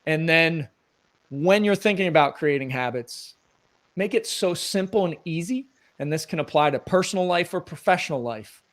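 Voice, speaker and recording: A man's voice: a little high, animated, moderate pace, a bit bright. A middle-aged man, a guest on an interview show, talking earnestly in a motivational coaching tone about habits and routines. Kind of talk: conversational interview.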